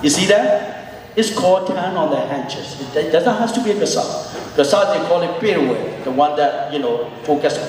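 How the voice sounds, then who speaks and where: Distant, echoey riding instructor, high-pitched man. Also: animated, moderate pace, a little mellow, a little hiss or hum. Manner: non-native phrasing, repeats key words, acts out riders' calls. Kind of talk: horseback demo clinic. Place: riding arena. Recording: echoey arena, voice from far off.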